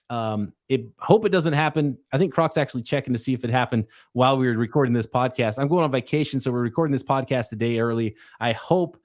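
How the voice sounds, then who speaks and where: A man hosting a casual sports podcast, easygoing and rambling. He talks in a loose, chatty way, trailing off and restarting his thoughts as he goes. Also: mid-range voice. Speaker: podcast host.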